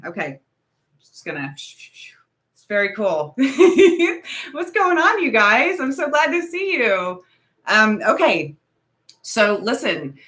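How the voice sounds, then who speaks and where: Bubbly woman hosting a livestream, bright and excitable, casual chatter. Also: mid-range voice. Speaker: livestream host.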